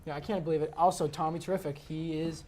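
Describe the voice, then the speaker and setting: A man's voice: on the high side, steady tone, quick pace, darkish tone. A young man co-hosting a casual sports debate, sarcastic and full of jabs. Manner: sarcastic, keeps tagging lines with "all right?". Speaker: co-host.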